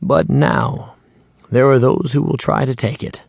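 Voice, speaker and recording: A man's voice: a little slow, vocal fry, breathy edge, dry recording, exaggerated voice. A man doing a weary, guilt-ridden old author. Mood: brooding. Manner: low, soft, brooding tone. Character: aging guilt-ridden male author, fearful, drinking.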